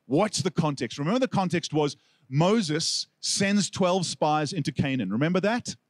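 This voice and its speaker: A South African man preaching from the pulpit, his voice sitting a little higher than most men's. He tells the story with animated energy, slipping into the voices of the people he quotes. The sound is close and dry, with no room echo. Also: moderate pace. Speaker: pastor. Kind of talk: sermon.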